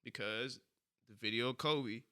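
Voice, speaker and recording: Bright-voiced man telling a lively story. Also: mid-range voice, unhurried, smooth. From United States. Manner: animated storyteller, bursts into shouting when excited. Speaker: podcast co-host. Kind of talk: casual chat.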